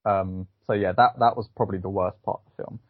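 A man reviews films in a casual podcast chat, his low voice a little husky. He rambles and hesitates with lots of fillers. The sound is thin and phone-like, with no room echo. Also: fairly even intonation, fast talker. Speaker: film podcast co-host.

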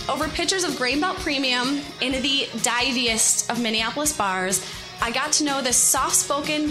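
A woman in her thirties telling a personal story to an audience, animated, expressive and self-deprecating. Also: high-pitched.

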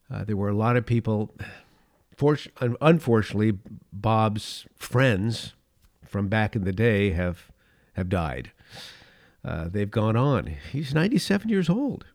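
An older man hosting a devotional podcast, telling a family story in a relaxed way and reading scripture aloud slowly. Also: on the low side, dry recording, clean studio sound. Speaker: podcast host.

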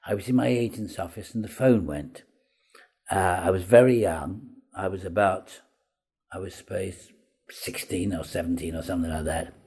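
Older male raconteur, husky and gravelly, lively storyteller who mimics the people he quotes. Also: low-pitched, normal speed. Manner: chatty raconteur, acts out quoted voices, laughs at own stories. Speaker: comedy actor guest. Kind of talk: anecdotal interview storytelling.

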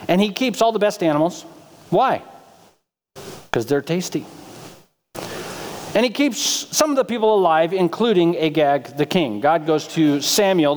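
High-voiced joking preacher in an echoing church. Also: male voice, darkish tone. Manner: humorous, conversational, asks the congregation questions. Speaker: pastor. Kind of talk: sermon. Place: church sanctuary.

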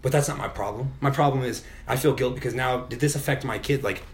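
A man's voice: medium pitch, fast talker, slight background noise. A middle-aged man telling a personal story in a casual podcast chat, candid and full of swearing. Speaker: podcast guest.

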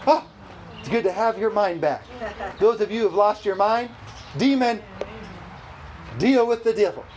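Brief: a high-pitched male preacher, lively and laughing, at a church service. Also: moderate pace, a little hiss or hum, low-quality recording. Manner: animated, exclamatory, laughs often. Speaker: pastor. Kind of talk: sermon.

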